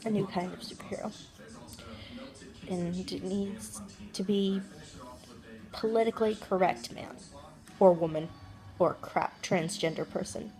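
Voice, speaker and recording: A woman's voice: mid-range voice, fairly even intonation, unhurried, pauses often, dark tone, faint music behind, poor audio. A woman vlogger musing aloud in a casual, jokey monologue, rambling and trailing off as she thinks.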